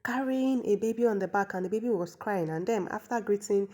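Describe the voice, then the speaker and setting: A woman's voice: medium pitch, a little fast, mellow. A woman, chatty and opinionated, recapping a movie and explaining local words. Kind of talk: casual movie recap commentary.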